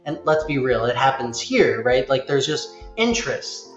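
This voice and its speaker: A man's voice: medium pitch, moderate pace. A man talks through a game in a loose, rambling way, dropping into little acted quotes. His voice sits in an ordinary middle register. It is recorded in a roomy space with a slightly dull sound and faint music underneath. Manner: rambling, animated, acts out quotes. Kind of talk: casual chat.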